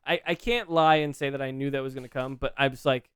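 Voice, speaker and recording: A man co-hosting a podcast in casual chat, animated, laughing often and restarting his sentences. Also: medium pitch, fast, clear, resonant tone, no echo. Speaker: podcast co-host.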